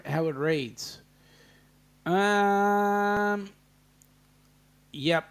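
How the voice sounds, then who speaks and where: A man with an Australian accent hosting a casual livestream, reading out and answering viewer comments. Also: high-pitched. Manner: reads viewer comments aloud, greets chatters by name. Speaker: livestream host.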